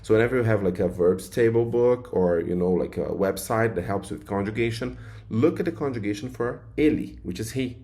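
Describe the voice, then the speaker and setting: Male teacher, low warm voice, relaxed filler-heavy explaining. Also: brisk. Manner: loose, repetitive explaining with many fillers. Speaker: language teacher. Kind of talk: explaining grammar to viewers.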